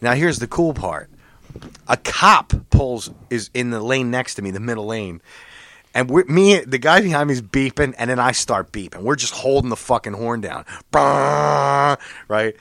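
A man telling a long, profane driving story in casual chat, quoting other drivers in a louder, higher voice. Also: lively intonation, normal speed, gravelly, dry recording. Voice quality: gets loud and high when quoting other drivers.

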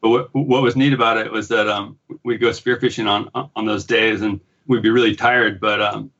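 An American man with a halting, restart-filled manner, talking as a guest in a casual interview. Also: lowish voice, steady tone, a bit bright. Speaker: guest, pearl diver and surf photographer. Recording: dull lo-fi audio.

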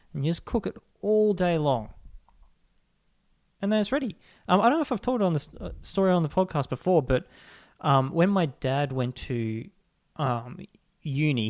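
A man hosting a podcast, telling rambling, animated stories and swearing freely. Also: a little high, no room sound, studio quality. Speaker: podcast host. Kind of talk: casual comedic chat.

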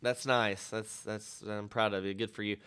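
A man's voice: fairly low pitch, level tone, normal speed, a bit bright, smooth. A man hosting a podcast, rambling and joking in casual banter, often cutting himself off mid-sentence. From Texas. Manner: joking, rambling, self-interrupting. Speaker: podcast host.

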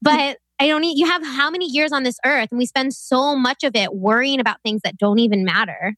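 A young woman co-hosting a podcast, chatty and laughing often, with sudden quick bursts of talk. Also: high voice, fairly bright tone, no echo. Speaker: podcast co-host. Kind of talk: casual chat.

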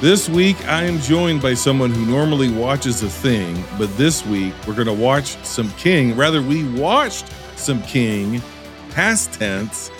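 A man's voice: medium pitch, lively intonation, slow, music in the background. Jokey American man hosting a podcast. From United States. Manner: jokey, teasing, giggly. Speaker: podcast host. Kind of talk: casual podcast chat.

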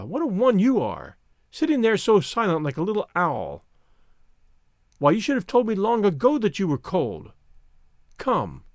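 A man's voice: high voice, no room sound, studio quality, full character voice. A man reading the part of a battered young servant woman, bitter yet tender, in a whining, lamenting tone. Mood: tender coaxing. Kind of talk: audiobook character reading.

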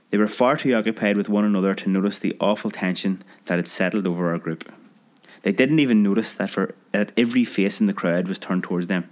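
Man reading a storybook aloud, low-pitched. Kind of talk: storybook narration.

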